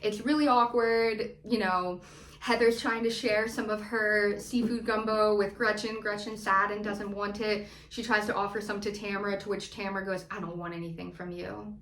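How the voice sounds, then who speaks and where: A woman's voice: mid-range voice, little pitch movement, moderate pace, fairly bright tone. A woman hosting a casual, hyped reality TV recap on her channel, chatty and playful, cheering people on. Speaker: YouTube recap host. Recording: echoey room.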